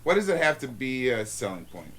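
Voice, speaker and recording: A man's voice: mid-range voice, very animated, a little fast, a bit bright. A man from North Dakota co-hosting a casual whiskey review, playful and jokey, firing off questions. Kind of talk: casual chat.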